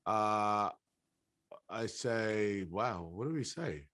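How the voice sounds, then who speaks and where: Relaxed British man, middle-aged. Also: fairly low pitch, extremely slow. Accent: British English. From England. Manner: relaxed, laughs easily, slips into voices. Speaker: actor guest. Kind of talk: casual interview chat.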